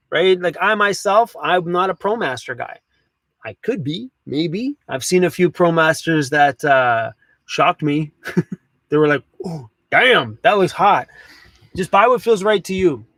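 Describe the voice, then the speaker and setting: A man's voice: a little high, fairly bright tone, no room sound. A man hosting a casual van life livestream, chatty and laid-back, swearing now and then. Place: inside a camper van.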